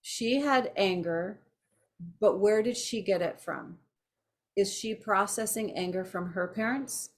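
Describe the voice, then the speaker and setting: A middle-aged woman teaching an empath class, chatty and animated, telling stories with asides. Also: mid-range voice, a little slow. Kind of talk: casual teaching to a small class.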